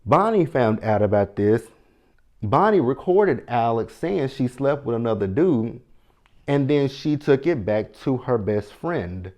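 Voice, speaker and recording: A man's voice: mid-range voice, lively intonation, a little slow, darkish tone. A man, recapping a reality show in a chatty, sassy way with mock-quoted reactions. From Texas. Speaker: TV recap host. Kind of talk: casual recap commentary.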